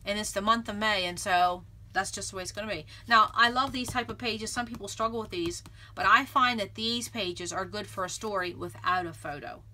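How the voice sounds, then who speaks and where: A woman's voice: medium pitch, brisk, pushed and bright. A woman hosting a scrapbooking video, chatting casually and thinking aloud as she works in her craft room. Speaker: scrapbooking channel host.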